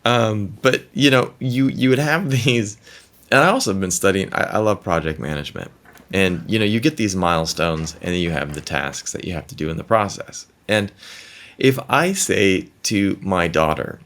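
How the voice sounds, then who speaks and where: Brief: low-voiced middle-aged male host, rambling, jokey, casual. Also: animated, normal speed, fairly bright tone. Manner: rambling, jokey, stammers in restarts. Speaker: podcast host. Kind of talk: casual conversation.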